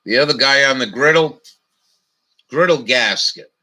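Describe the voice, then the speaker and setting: A man's voice: medium pitch, measured pace, sharp tone. A man from telling a profane, ranting story as a vlogger. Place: camper.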